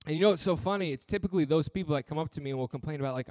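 A man's voice: high voice, rapid-fire, few pauses, dry recording, clean studio sound. Earnest man preaching a sermon. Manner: earnest, blunt preaching with humor and repeated phrases. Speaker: pastor.

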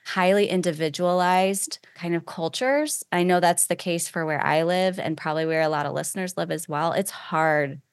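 A woman's voice: lowish voice, normal speed, hardly any pauses, clear, resonant tone, no echo, clean studio sound. A woman hosting a faith podcast interview, asking reflective, thoughtful questions. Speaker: podcast host.

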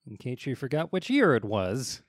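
A man's voice: medium pitch, sing-song, moderate pace, dry recording, clean studio sound. A man co-hosting a casual podcast, adding joking asides and laughing often. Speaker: podcast co-host.

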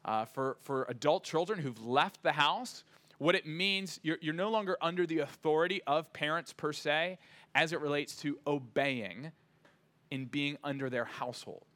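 A man delivering a sermon from the pulpit with a bright, forceful tone and a slightly raised pitch. He preaches earnestly and with emphasis, stacking up points and checking in with the congregation. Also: normal speed. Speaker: pastor.

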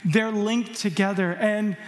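Male pastor, high voice, emphatic exhorting sermon, long hall reverb. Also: fairly even intonation, slow pace.

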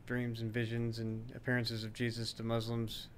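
A man's voice: medium pitch, monotone, normal speed, a little hiss or hum. A man who is a guest on a livestream debate, talking emphatically and teasingly.

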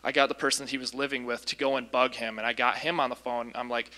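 A man casually recounting a deliverance story as a Christian minister, lively, with frequent ums and restarts. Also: medium pitch, quick pace.

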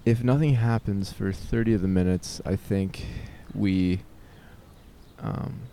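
A man's voice: sits low, slow pace, warm tone, slight background noise. Hesitant young man rambling outdoors. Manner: hesitant and self-conscious, with nervous laughs and many fillers. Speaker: vlogger. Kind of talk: rambling solo vlog. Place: outdoors in a city park.

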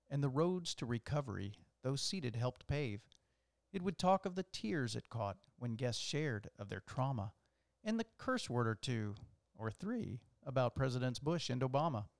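A man who is a priest reads a rhyming poem aloud in a rhythmic, measured way. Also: medium pitch, gravelly, no echo, studio quality. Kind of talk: poetry reading.

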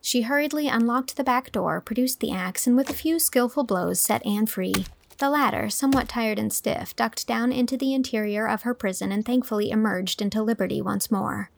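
A woman narrating a classic storybook with a gentle, even reading manner. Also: a little high, normal speed, creaky, few pauses. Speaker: audiobook reader.

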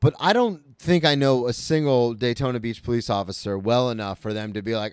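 A man from Florida with a smooth, clean voice and a middle-pitched tone talks through a story in a loose, casual monologue as his podcast's host. His language is profane and he stops to correct himself along the way. The sound is dry and close. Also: expressive, normal speed, no echo.

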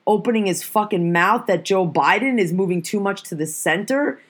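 A woman's voice: medium pitch, moderate pace. A woman in a casual, profane conversation, telling stories and ranting animatedly. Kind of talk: casual chat.

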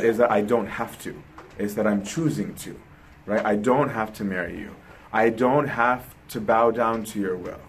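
A man's voice: lowish voice, a little hiss or hum, poor audio. A man giving a sermon in a conversational way, often ending his points with a questioning "right?". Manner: conversational, keeps asking "right?". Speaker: preacher.

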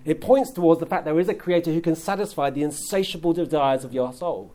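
Male pastor, earnest sermon delivery, a touch higher-pitched, leans into key phrases. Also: animated, fairly quick, few pauses, a little mellow. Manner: earnest preaching, builds emphasis on key phrases.

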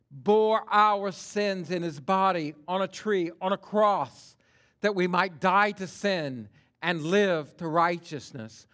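Impassioned preacher man, wide-ranging voice. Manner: impassioned, swinging from booming to hushed; reads and acts out scripture quotes. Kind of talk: sermon.

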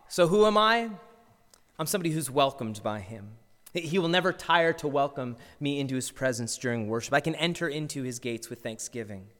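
A man's voice: a little high, fairly bright tone, in a large hall. A male pastor preaching a sermon earnestly, asking his listeners rhetorical questions.

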